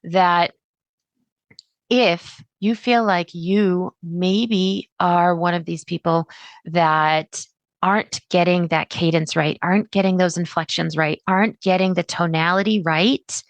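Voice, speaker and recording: A middle-aged woman hosting a solo podcast, chatty and animated, acting out her listeners' words. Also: on the low side, takes it slowly, no echo, lo-fi sound. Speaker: podcast host.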